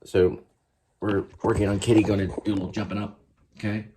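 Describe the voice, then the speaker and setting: A man's voice: on the low side, flat delivery, fairly quick, heavy background noise. A man rambling casually in a vlog, trailing off and talking to his cat as he goes. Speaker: vlogger.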